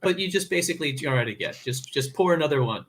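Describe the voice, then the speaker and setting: A man's voice: on the high side, animated, fast talker, fairly bright tone, slight background noise. A middle-aged man who teaches college, co-hosting a casual chat in an easygoing, wry way.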